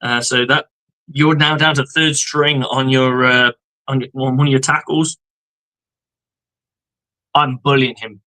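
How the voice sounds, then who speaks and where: Bright, fired-up male sports co-host. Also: medium pitch, steady tone, slow, long pauses, rough recording. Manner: profane, fired-up football analysis. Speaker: co-host of a sports fan show. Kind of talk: casual sports talk on a live stream.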